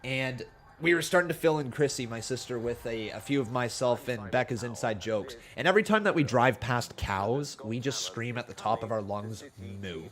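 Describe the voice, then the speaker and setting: Man, stream host, casual live commentary, chatty and excitable, self-mocking, average pitch. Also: moderate pace.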